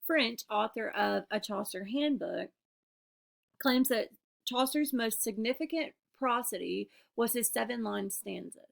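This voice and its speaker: Gravelly-voiced young woman presenting. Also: fairly high pitch, expressive, measured pace. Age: young adult. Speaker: student presenter. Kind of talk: class presentation, read from notes.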